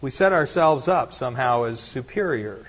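A man's voice: medium pitch, lively intonation, moderate pace, a bit bright, breathy edge. A man preaching an earnest sermon, repeating rhetorical questions and adding light self-deprecating humor. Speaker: pastor. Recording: dull lo-fi sermon recording.

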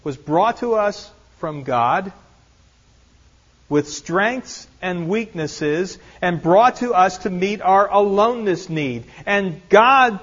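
An earnest male preacher delivering a sermon with a slightly raised pitch. He presses his points with repeated rhetorical questions and drops in small self-deprecating jokes. The recording sounds dull and lo-fi. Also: lively intonation, slow pace, a bit bright. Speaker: pastor.

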